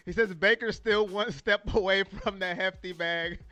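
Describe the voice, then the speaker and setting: A man's voice: high voice, fairly even intonation, unhurried, sharp tone, highs cut off, soft background music. A man from California hosting a sports fan livestream, talking casually and emotionally, laughing easily and greeting viewers as he reads their comments. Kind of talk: casual livestream talk reading chat comments.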